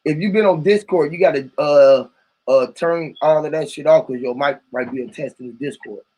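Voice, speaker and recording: A man's voice: fairly high pitch, normal speed, dark tone, rough recording. A man hosting a live stream, rambling in heavy slang with profanity and lots of rhetorical questions, greeting callers who join a voice chat.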